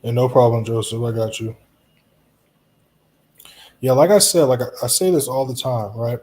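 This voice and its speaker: Dark-voiced man streaming casually. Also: medium pitch, normal speed. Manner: relaxed, reassuring, talks straight to viewers with frequent "you know" and "right?". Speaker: live trading streamer. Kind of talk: casual live-stream commentary answering chat.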